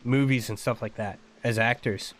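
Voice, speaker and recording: A man's voice: mid-range voice, fairly even intonation, moderate pace, fairly bright tone, slight background noise. An American man streaming a game and chatting casually, rambling and laughing often. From United States. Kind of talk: casual chat while gaming.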